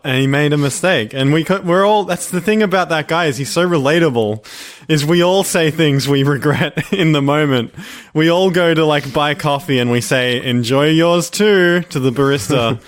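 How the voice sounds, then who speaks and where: Playful mock-earnest podcast cohost. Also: male voice, medium pitch. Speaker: podcast co-host. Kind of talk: casual comedic chat.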